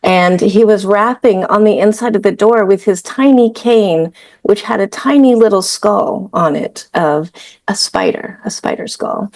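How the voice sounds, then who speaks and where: A woman's voice: medium pitch, unhurried, darkish tone, no echo. A woman author improvising a story, playful and detailed.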